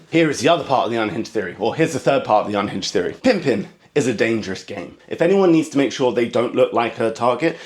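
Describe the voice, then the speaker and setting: A man with an English accent, telling a comic story in a quick, animated monologue. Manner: animated storytelling, bursts into high mock voices; fast, impatient talker. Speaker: stand-up comedian. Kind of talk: comedic monologue.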